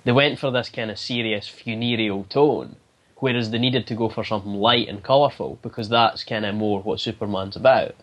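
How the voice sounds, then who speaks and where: A man's voice: fairly low pitch, steady tone, fairly quick. A man appearing as a podcast guest, chatting casually and giving opinions with some hesitation. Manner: opinionated, thinking aloud, with hesitations. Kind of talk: casual chat.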